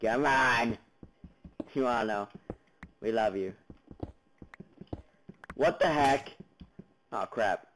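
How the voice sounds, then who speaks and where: A man's voice: medium pitch, very slow, pauses often, a bit bright, slight background noise, low-quality recording. A man giving jumpy let's-play commentary on a block-building game, chattering at monsters and viewers with sudden yelps, recorded on a basic computer mic. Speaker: gaming channel host. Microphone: basic computer mic, no headphones.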